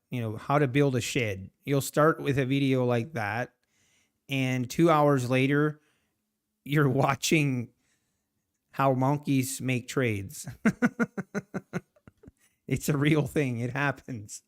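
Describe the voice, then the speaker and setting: Casual male trading streamer, mid pitch, rambly, laughs easily while reading chat. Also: clear, resonant tone. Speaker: live-streaming day trader.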